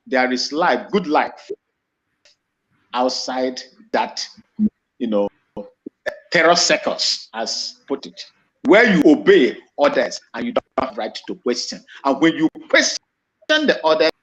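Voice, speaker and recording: Through a dull, lo-fi recording, a Nigerian-accented commentator holds forth in an impassioned monologue, repeating points emphatically and restarting phrases. His medium-pitched, somewhat bright voice is sing-song and unhurried, with frequent pauses.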